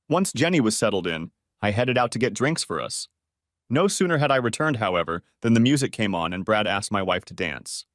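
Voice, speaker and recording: A man reading a first-person story aloud as a channel narrator, in a steady, even manner. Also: mid-range voice, no room sound, clean studio sound.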